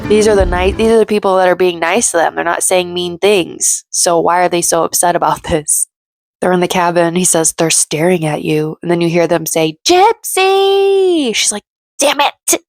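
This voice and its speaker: A woman talks through a reality show episode as a casual recap host, chatty and opinionated, acting out the quotes as she goes. Her voice sits a little low and carries a gravelly fry. The sound is dry and close, with no room around it. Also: level tone, brisk, no echo, soft background music.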